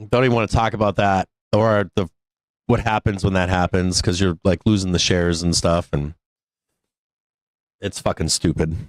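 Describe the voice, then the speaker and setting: Man hosting a trading stream, low voice, dry sound, swearing and venting, bursts of laughter. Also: steady tone, moderate pace, dry recording. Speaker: livestream trading show host. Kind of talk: live stream talk.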